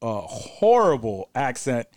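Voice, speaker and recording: A man guesting on a podcast, chatting in an animated, laughing way. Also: mid-range voice, slow pace. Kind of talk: casual chat.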